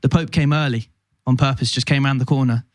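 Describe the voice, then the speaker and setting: A man, a podcast guest telling a long story in casual, energetic chat. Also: mid-range voice, no echo. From United Kingdom. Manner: energetic, talks fast and at length.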